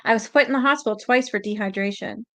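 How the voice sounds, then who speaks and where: Woman, storyteller, reads letters aloud, steady, trips on words now and then, mid-pitched voice. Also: quick pace. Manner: reads steadily, stumbles on words, breaks in with blunt reactions. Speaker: channel host reading letters aloud. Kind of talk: storytelling reading with spoken asides.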